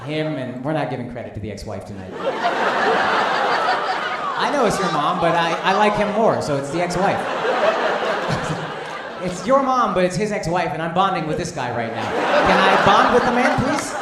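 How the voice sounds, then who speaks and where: A male stand-up comic riffs on the crowd in a brash, foul-mouthed, teasing manner. His voice sits a little high and carries across a reverberant club, heard from some distance off the mic. Loud audience laughter rolls in behind him. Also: big pitch swings, moderate pace, long pauses, very noisy. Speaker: stand-up comedian. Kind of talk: crowd work in a comedy club. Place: comedy club stage.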